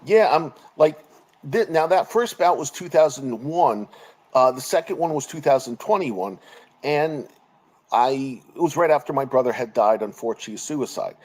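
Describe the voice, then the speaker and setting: A man's voice: medium pitch, lively intonation, normal speed, a little mellow, low-quality recording. A man in his forties speaks over a remote call connection. He sounds earnest and openly emotional, often restarting sentences and letting phrases trail off. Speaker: guest. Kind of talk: personal interview over a call.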